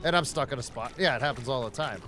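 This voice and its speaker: A man's voice: mid-range voice, fast, bright, forceful tone, slight background noise. A man live-streaming a video game, chatting casually and profanely with his viewers while he plays. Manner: profane, rambling, talks to chat and the game. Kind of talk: casual gaming livestream chat.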